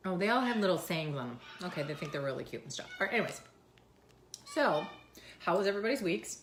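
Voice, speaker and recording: A woman's voice: lowish voice, very animated, fast talker, a little hiss or hum. A woman in her thirties, chatting casually and rambling on camera at home. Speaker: vlogger. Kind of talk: casual chat. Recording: roomy echo.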